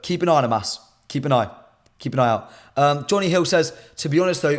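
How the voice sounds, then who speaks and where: With a voice on the high side that's gone hoarse and ragged, a man runs a live football stream. He talks casually to his chat and repeats himself.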